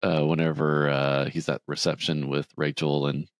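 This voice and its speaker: A man's voice: flat delivery, moderate pace, clean tone, no echo. A man casually recapping a film on a podcast, acting out the characters' lines in a raised voice. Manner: retells scenes, acting out quotes in a higher voice. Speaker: podcast co-host. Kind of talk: casual movie recap chat.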